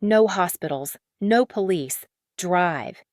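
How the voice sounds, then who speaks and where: A woman plays a bleeding criminal who speaks with a thick Korean accent, rough but controlled. His orders come short and clipped, in a lowish voice. The sound is dry and close. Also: animated, slow pace, a little mellow, dry recording. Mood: commanding. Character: wounded male criminal, rough, controlled, commanding.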